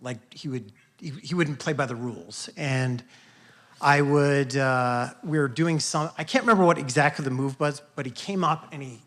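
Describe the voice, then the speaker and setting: A man at a live workshop telling a personal story on stage, talking earnestly in a halting way with many restarts. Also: mid-range voice, fairly bright tone. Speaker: workshop participant. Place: event hall with audience.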